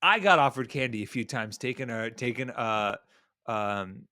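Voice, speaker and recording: This is a man in his late thirties chatting casually as a podcast co-host. He rambles, stops to correct himself, and tells an anecdote in a loose way. His voice is recorded dry and close, at an average pitch. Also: animated, normal speed, bright, forceful tone, no echo. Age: 30s. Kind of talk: casual chat.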